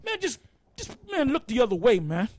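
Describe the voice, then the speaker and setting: A man with a very high voice speaks at a moderate pace with no echo while leading a casual open forum. He is an animated, profane storyteller who acts out other people's lines as he goes.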